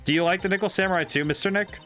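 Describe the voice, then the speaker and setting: A man's voice: high voice, fairly even intonation, very fast, sharp tone, soft background music, voice pushed up. A man voicing a serious, proper little girl from a game, lightly changing his voice. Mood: prim.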